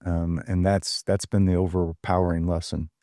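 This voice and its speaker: An older man talks in a deep, mellow voice. He tells stories earnestly and folksily, pausing on ums. The sound is dry and close. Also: little pitch movement, no echo. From Tennessee. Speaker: guest. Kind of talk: casual storytelling interview.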